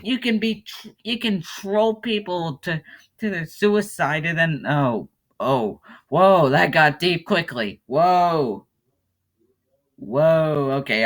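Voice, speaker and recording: A man's voice: a little high, lively intonation, takes it slowly, a bit bright. A man giving casual commentary on a web game, rambling and mocking himself, often breaking into laughter. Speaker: YouTuber playing a web game.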